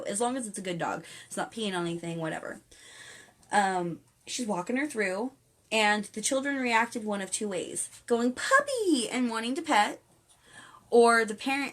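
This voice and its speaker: A woman talking straight to her viewers in a loose, unscripted live stream. She is blunt and opinionated, swears casually, and keeps restarting her sentences with plenty of ums and you-knows. Her voice sits at an ordinary middle pitch for a woman. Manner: chatty, with frequent fillers and restarts. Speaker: spiritual vlogger.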